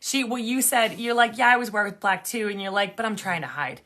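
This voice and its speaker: A woman co-hosting a casual chat, telling a story with lively acted-out quotes and frequent laughter. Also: mid-range voice, quick pace. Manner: animated, acts out quoted voices, laughs often. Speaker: podcast co-host, energy healer.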